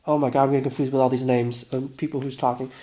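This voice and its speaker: A man's voice: mid-range voice, level tone, fast talker, mellow. A man playing a survival game, reading its story text aloud with casual asides and frequent self-corrections. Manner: casual, stumbling over words and self-correcting. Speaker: gaming YouTuber.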